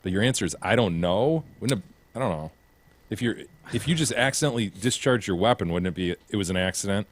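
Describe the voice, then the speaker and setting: A man's voice: fairly low pitch, animated, fast talker, no echo. A man co-hosting a podcast in casual chat, blunt and indignant and swearing freely. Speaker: podcast co-host.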